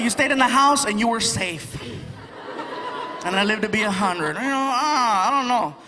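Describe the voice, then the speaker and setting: High-voiced man doing animated stand-up. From United States. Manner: animated, laughing at his own jokes, acts out voices. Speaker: stand-up comedian. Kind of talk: stand-up comedy set. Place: theater stage with live audience. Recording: live show with crowd laughter and noise.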